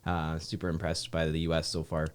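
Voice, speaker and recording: A man's voice: rumbling low, monotone, a little fast, clear, resonant tone. A man from Saskatchewan, a soldier guest chatting casually in a rambling way and acting out quotes. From Saskatchewan, Canada. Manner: rambling, filler-heavy, acts out quotes. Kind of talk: casual interview chat.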